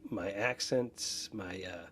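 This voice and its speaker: A man's voice: fairly low pitch, takes it slowly, fairly bright tone, breathy edge. Blunt man, comedy podcast co-host. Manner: blunt, crude, storytelling. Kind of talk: casual comedic chat.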